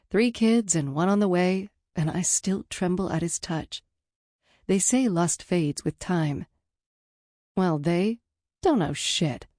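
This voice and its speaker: A woman narrates a first-person audiobook in a low, mellow voice. Her telling is candid and intimate, recorded dry and close in a studio. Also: dry recording.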